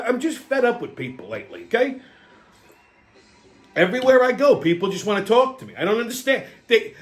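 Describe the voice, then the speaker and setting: High-voiced man ranting, swearing nonstop. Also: a bit bright. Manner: exasperated, sweary, rapid restarts and stammers. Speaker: channel host. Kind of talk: profane ranting monologue.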